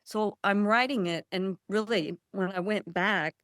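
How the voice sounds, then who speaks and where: A woman's voice: medium pitch, measured pace, fairly bright tone, dry recording. Chatty woman author, dry close sound. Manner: chatty, laughs often, rambling storyteller. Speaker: author guest. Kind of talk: casual interview chat.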